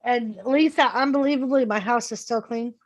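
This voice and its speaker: A woman's voice: fairly high pitch, moderate pace. A woman who hosts a wrestling show, chatting casually on an online panel about home life. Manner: chatty, homely small talk.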